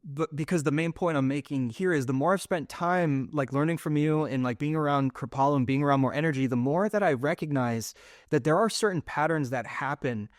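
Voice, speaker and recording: A man's voice: a little high, a little fast, no room sound, clean studio sound. A middle-aged man hosting a podcast, talking in a rambling, searching way with many fillers and restarts. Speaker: podcast host. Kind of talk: casual conversational interview.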